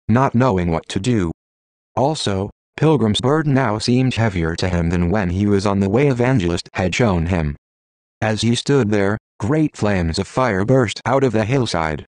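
A man narrates a Bible storybook with a low, steady voice. The recording is dry and close, with no room sound at all. He keeps an even, measured reading pace throughout. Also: dry recording. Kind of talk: storybook narration with character quotes.

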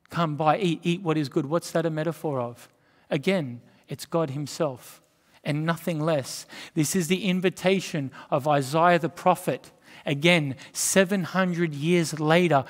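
Emphatic pastor preaching, echoing hall. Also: male voice, fairly high pitch. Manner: emphatic preaching, rising to loud declarations. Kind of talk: sermon. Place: church hall. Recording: church hall with long reverb.

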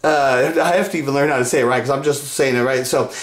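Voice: medium pitch, steady tone, fast, hardly any pauses, roomy sound. A vlogger talking in a rambling, repetitive and insistent way, restarting sentences often. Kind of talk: casual rambling monologue to camera.

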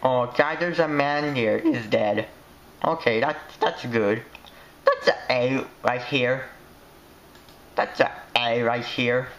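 A man giving excitable, rambling commentary while he plays a game. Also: medium pitch, takes it slowly, dull audio, slight background noise.

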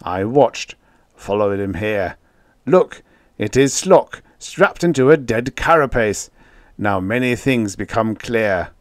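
A man voicing a huge, shelled male alien who speaks in a slow, formal, mournful way. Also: fairly low pitch, expressive, no room sound, clean studio sound. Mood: panting, stern.

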